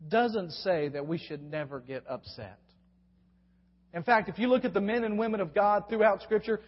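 High-voiced male preacher in a reverberant hall. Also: breathy edge. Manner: asks rhetorical questions and answers them; drawn-out emphatic pauses. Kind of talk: sermon. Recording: dull sound with long hall reverb.

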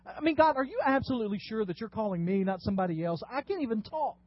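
A man's voice: high voice, expressive, fast talker, muffled recording. A man doing a stammering, panicky Moses. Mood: protesting. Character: flustered, stammering Moses pleading with God.

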